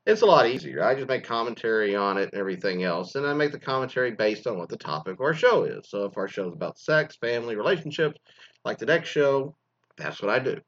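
A man's voice: mid-range voice, fast, dull audio. A man hosting a podcast, giving casual, rambling commentary that drifts off on tangents. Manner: rambling, animated, goes off on tangents. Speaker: podcast host.

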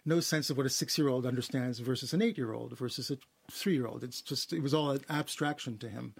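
A man's voice: medium pitch, a little fast, vocal fry, husky. Earnest man recalling a memory. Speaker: interview guest. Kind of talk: conversational interview.

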